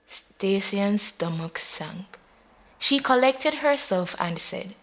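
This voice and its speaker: Slow, measured woman storyteller. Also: medium pitch, animated. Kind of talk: scripted story narration.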